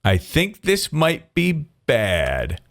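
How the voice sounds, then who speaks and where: A man's voice: fairly high pitch, huge pitch swings, very slow, gravelly, fairly bright tone. A man giving casual gameplay commentary, rambling and often cutting himself off with restarts and chuckles. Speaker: gaming video creator.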